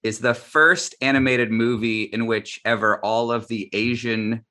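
A man's voice: mid-range voice, fairly even intonation, unhurried, sharp tone. A man interviewing a guest, friendly, often laughing while he talks. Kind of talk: conversational interview.

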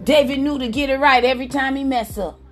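A woman's voice: sits high, steady tone, fast, faint music behind. A woman preaching a fervent sermon, calling out to her listeners and exclaiming praise as she goes.

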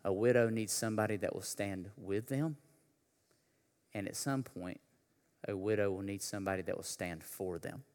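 A man preaching a sermon, talking casually with slang, then building to a loud, impassioned delivery. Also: on the low side, normal speed, long reverb tail. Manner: builds from conversational to shouting preacher intensity. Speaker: pastor.

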